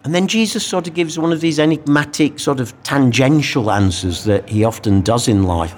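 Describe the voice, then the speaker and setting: A man in a conversational discussion of a Bible passage, speaking in a reflective, animated way. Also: medium pitch, moderate pace. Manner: reflective, animated, acts out quoted lines.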